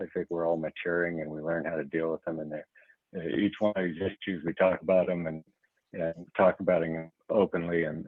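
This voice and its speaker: A deep-voiced man with a Southern US accent shares his thoughts in an online workshop. He talks earnestly and haltingly, repeating words as he goes. His voice comes through a tinny, phone-like video call line that sounds dry and close. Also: husky, no echo. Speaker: workshop participant. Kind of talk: casual sharing in an online workshop.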